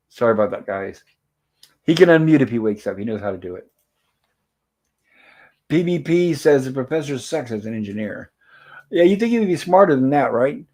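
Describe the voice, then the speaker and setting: A man's voice: mid-range voice, darkish tone, poor audio. A man hosting a livestream, casually narrating old TV scenes and reading chat messages aloud. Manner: chatty, narrates scenes and reads chat aloud with small laughs. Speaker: livestream host.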